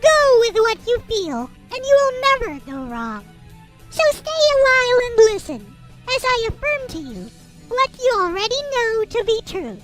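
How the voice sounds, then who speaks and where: A smug troll with a piercing, squeaky voice that swoops up and down as it reads in a sarcastic, mock-solemn tone, as a streamer puts it on. Faint music plays behind it. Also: huge pitch swings, moderate pace, full character voice. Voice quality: very high, squeaky put-on voice. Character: squeaky high-pitched troll, mocking and smug. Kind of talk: reading satirical prose aloud in a character voice.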